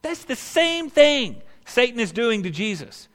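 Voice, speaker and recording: A male pastor preaching a sermon in an animated, conversational way with rhetorical asides. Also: very high-pitched, a little slow.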